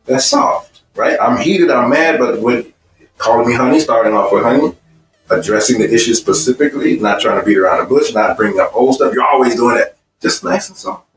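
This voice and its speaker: A man's voice: mid-range voice, expressive, a little fast. A man leads a marriage seminar in a roomy, echoing hall and speaks from some distance off the mic. He asks his audience question after question. Faint music hums underneath. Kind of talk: church seminar teaching. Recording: echoey room, voice from afar, faint music.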